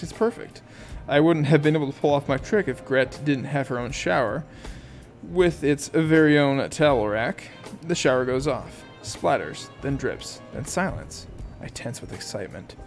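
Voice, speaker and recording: A man narrates an audiobook in the first person, his reading amused and lively. His voice sits at an ordinary middle pitch. Faint music plays underneath. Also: normal speed.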